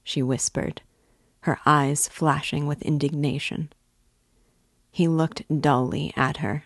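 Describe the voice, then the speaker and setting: Give me a woman narrating a novel aloud, slow and measured. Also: low voice, fairly even intonation, no room sound, clean studio sound. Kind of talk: audiobook reading of a classic novel.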